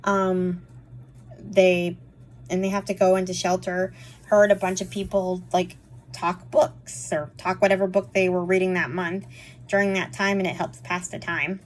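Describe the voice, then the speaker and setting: A woman's voice: fairly low pitch, level tone. Woman book reviewer, casual rambling wrap-up chat, filler-heavy and easygoing. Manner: chatty and rambling, frequent fillers and quick laughs.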